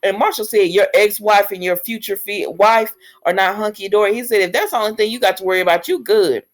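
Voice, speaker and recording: A woman's voice: medium pitch, a little fast. A woman casually recapping a soap episode, acting out the characters' lines and laughing at the drama. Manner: animated, laughs often, acts out characters' lines in quoted voices. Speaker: soap opera recap vlogger.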